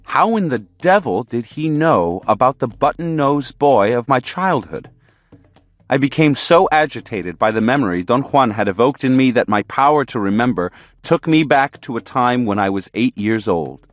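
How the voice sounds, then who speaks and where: A male audiobook narrator telling a first-person story in a measured, earnest way. His voice is middle-pitched and sounds dry and close, with faint music playing softly beneath. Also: animated, no room sound.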